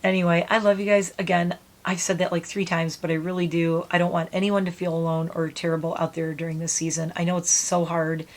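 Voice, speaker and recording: A middle-aged woman vlogger talking casually and gently to camera, soothing and meditative. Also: on the low side, creaky. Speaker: beauty vlogger. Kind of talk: casual heartfelt talk to camera.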